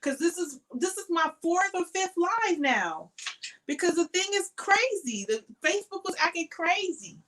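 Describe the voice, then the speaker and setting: A woman's voice: high-pitched, sharp tone, rough recording. A tired woman hosting a casual crochet live stream, chatting in a rambling way and thanking viewers by name.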